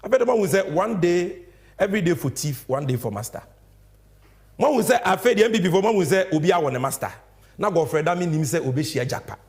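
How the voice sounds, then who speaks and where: Animated Ghanaian man, high lively voice. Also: a little fast. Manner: emphatic, mixes English with Twi, sing-song stresses. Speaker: political show host. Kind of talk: animated political commentary. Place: studio.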